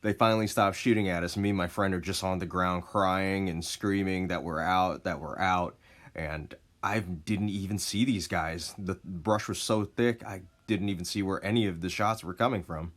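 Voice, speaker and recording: A man casually telling a story, laid-back and expressive, with plenty of swearing. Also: low-pitched, moderate pace.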